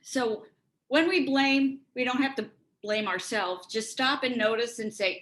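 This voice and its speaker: A woman's voice: fairly high pitch, measured pace, a bit bright, rough recording. A woman giving an earnest, reflective workshop talk, acting out bits of dialogue as she explains, speaking over a video call. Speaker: speaker on resilience and relationships.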